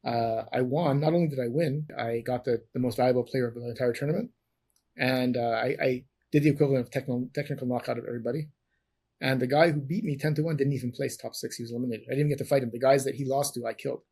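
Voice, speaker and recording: As an interview guest, a middle-aged Canadian man who was a champion wrestler tells long, winding stories, frequently restarting and correcting himself. His voice is medium in pitch, fairly even, fast, gravelly, darkish and breathy at the edges.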